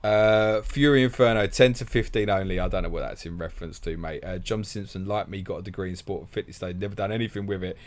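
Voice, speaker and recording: A low-voiced English man, young adult, runs a casual fantasy football live stream from a close desk mic. He reads viewer questions aloud and answers with blunt, chatty banter, calling everyone mate and swearing casually. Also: quick pace, hardly any pauses.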